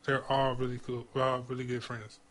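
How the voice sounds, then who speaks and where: A man's voice: mid-range voice, completely flat delivery, fairly quick, fairly bright tone. A man co-hosting a podcast, chatting casually with slang and some stumbling restarts. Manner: enthusiastic, slangy, trips over his words. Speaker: podcast co-host. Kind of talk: casual chat.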